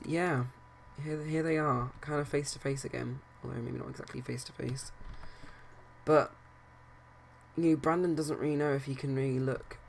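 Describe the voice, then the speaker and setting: In a medium-pitched, darkish voice with vocal fry, a man offers loose commentary and storytelling over his life-sim let's play, stumbling through hesitations and restarts. Slight background noise is audible.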